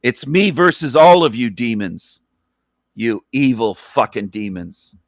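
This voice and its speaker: A man's voice: medium pitch, big pitch swings, measured pace, no echo, studio quality. A man hosting a ranting commentary, scornful and insulting, repeating his phrases over and over. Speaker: channel host reacting to a clip.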